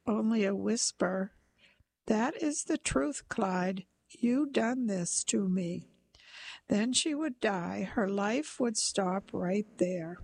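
A woman reads a literary short story aloud, unhurried and measured. Her voice sits in a middle range with a gravelly, creaky texture, and the delivery stays softly dramatic throughout. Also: medium pitch, poor audio. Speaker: narrator.

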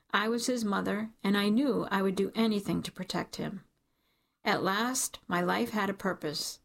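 A woman's voice: medium pitch, vocal fry. A woman reading a first-person story aloud in an intimate, emotional narrating style. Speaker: audiobook narrator.

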